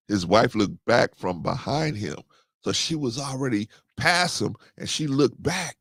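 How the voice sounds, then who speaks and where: Man, gravelly voice, very lively pitch, dry close sound, joking, preachy. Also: measured pace, dry recording. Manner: animated, joking, laughs often; preachy storytelling with sudden pitch jumps. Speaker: livestream host reading scripture. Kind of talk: casual comic Bible commentary.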